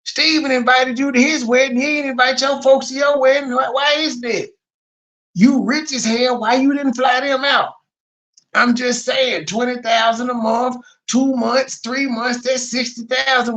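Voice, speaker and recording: A man talks over a clip in a reaction commentary, blunt and openly mocking, with rhetorical questions piling up. His voice sits high for a man and has a gravelly, creaky edge. He swears freely as he picks apart what he hears. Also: fairly even intonation, measured pace, fairly bright tone. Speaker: commentary host reacting to a livestream.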